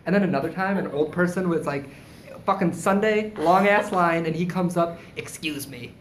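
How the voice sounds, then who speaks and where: A man telling animated, swearing anecdotes in casual chat as co-host. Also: high-pitched, normal speed. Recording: echoey room with faint noise.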